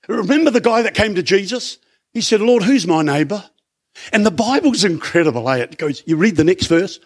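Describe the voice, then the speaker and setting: A middle-aged man with an Australian accent preaching in church, conversational and animated, full of rhetorical questions. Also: sits high, fairly quick, slightly rough. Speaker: pastor. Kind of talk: sermon.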